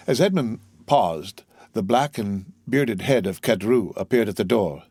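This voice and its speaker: A man reading a classic novel aloud as an audiobook narrator, with an expressive delivery. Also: on the low side, a little slow, breathy edge, dry recording, studio quality. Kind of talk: scripted narration.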